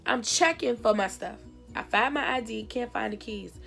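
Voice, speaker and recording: A woman's voice: on the high side, normal speed, vocal fry, faint music behind. A young woman from New Jersey telling a casual storytime to her viewers, acting out the other people in her own voice. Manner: animated, acts out dialogue in voices. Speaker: vlogger.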